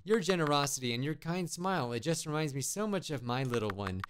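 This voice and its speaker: A man reading as a gentle, lonely woods witch. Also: a little high, animated, a little fast, slight background noise, natural voice. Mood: wistful. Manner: soft, polite, motherly. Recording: game music behind.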